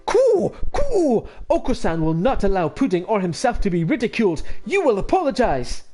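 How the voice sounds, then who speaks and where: A man voicing a hyperactive male dove who shrieks short, excited outbursts. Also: very high-pitched, very slow, faint music behind, voice pushed up, exaggerated voice. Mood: shrieking.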